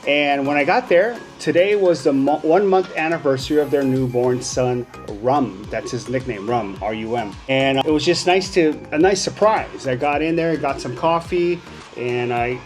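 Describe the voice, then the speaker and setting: A man in his sixties tells stories in a casual vlog, animated and acting out the dialogue. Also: moderate pace, soft background music. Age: 60s. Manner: animated, acts out dialogue with rising pitch. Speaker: vlogger. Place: outdoors on a sunny street.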